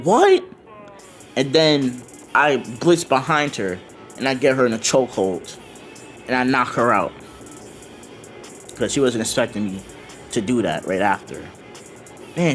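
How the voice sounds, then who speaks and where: A man improvising a casual fan-fiction story in first person, loose and excited, swearing and acting out the dialogue with lots of fillers. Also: mid-range voice.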